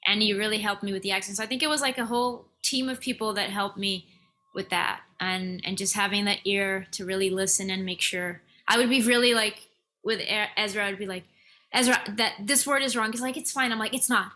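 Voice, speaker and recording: Bright-voiced actress on a video call. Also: female voice, mid-range voice, steady tone, a little fast.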